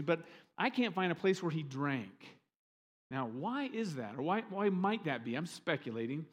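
A pastor preaching a sermon to his congregation, emphatic and questioning, with dramatic swings in pitch.

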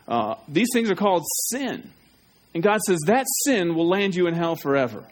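A man's voice: high voice, very animated, moderate pace. A man preaching an evangelistic sermon, pleading and urgent, often putting questions straight to his listeners. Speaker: pastor.

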